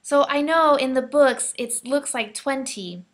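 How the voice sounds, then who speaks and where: An American woman teaching English pronunciation, slowly modelling words and phrases for learners to repeat. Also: high voice. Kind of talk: pronunciation lesson.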